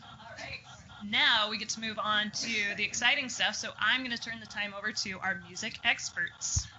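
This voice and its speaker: A woman speech therapist with a mid-range voice guides her group through exercises at a normal speed, offering encouragement at each step. The session room audio is muffled, low-fidelity, and carries a faint hiss.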